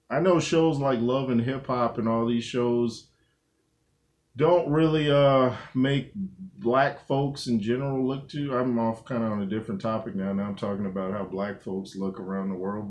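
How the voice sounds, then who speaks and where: A man from Southern California co-hosts a casual chat with a fairly low voice. He talks in a laid-back, rambling way, trailing off into fillers as he thinks aloud. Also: a little mellow. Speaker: podcast co-host.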